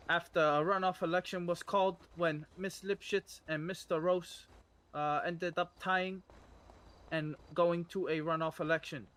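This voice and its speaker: Man as a bumbling field reporter, high-pitched, halting, full of fillers. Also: fairly bright tone. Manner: halting, filler-heavy questioning.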